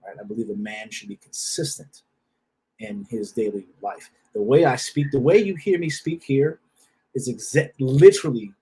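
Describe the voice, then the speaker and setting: Husky man, blunt and profane, repeats himself: self-help speaker. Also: medium pitch, moderate pace, dark tone, poor audio. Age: adult with a wife and children. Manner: repeats phrases, restarts. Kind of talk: casual motivational talk.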